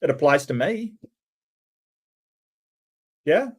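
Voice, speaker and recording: A man with an Australian accent talks over clips in a sarcastic, scoffing commentary. His voice sits a little high for a man. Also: expressive, slow, slightly rough. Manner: sarcastic, mocking. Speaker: commentary host. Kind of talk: reaction commentary.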